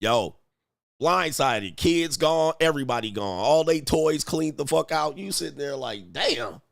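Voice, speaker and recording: A man's voice: a little high, animated, measured pace, vocal fry, no echo, clean studio sound. A man hosting a livestream, delivering a profane, mocking comedic rant with repeated catchphrases. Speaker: livestream host and dating coach.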